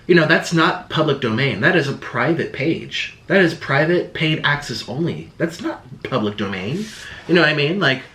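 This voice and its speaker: A man vlogging a casual rant to camera, animated and sarcastic, often mocking others in put-on voices. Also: fairly high pitch, moderate pace. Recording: echoey room.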